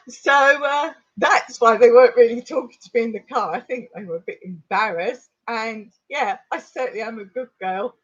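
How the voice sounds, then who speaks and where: A woman's voice: a little high, normal speed, hardly any pauses, breathy edge. Middle-aged english woman rambling through a story on her livestream, kinda muffled audio. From England. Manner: rambling, animated retelling with laughs. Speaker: vlogger on a livestream.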